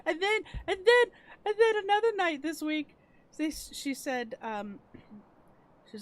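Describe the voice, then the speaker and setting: A middle-aged woman telling family stories in casual chat on a livestream, lively and laughing as she acts out quotes. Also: very high voice, unhurried, long pauses. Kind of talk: casual storytelling.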